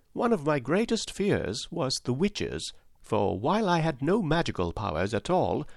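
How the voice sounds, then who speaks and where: A man voicing a gentle, apologetic old humbug wizard in a storybook reading, in a kindly, confiding way. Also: on the high side, creaky, no echo, clean studio sound, pitched above the performer's own voice.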